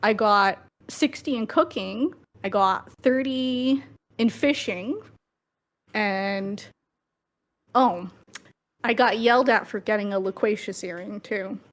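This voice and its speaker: A woman co-hosting a gaming podcast, telling stories in an animated way and swearing freely in casual chat. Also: medium pitch, slow. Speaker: podcast co-host.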